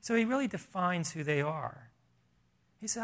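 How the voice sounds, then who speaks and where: A man's voice: a little high, expressive, normal speed, a bit bright. A man preaching a sermon in a church, earnest and conversational, often restarting his sentences. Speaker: pastor.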